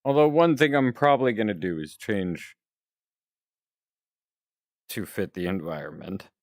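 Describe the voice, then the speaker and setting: A man's voice: lowish voice, very animated, measured pace, vocal fry, no echo. A man streaming a game and chatting playfully with his viewers, calling them folks. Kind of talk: casual game-streaming chat.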